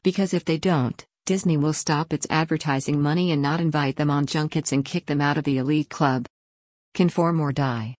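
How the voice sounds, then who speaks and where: A woman with a low voice reads an opinion news piece aloud. Her delivery is steady and even, and the sound is dry and close with no room around it. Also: normal speed, no echo. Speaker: article reader.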